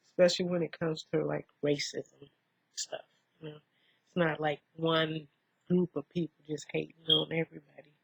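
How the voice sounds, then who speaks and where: A woman vlogger talking softly and reflectively in a rambling way while doing her makeup, in a dull lo-fi recording. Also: deep voice, vocal fry, slightly rough, dry recording. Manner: soft-spoken, rambling, musing.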